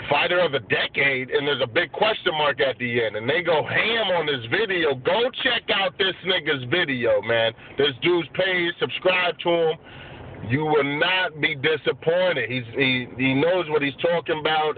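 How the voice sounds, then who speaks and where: A man in a casual boxing vlog, talking loose, profane street slang with many fillers. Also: a little high. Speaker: boxing vlogger giving channel shout-outs. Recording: tinny lo-fi phone-like audio with faint hiss.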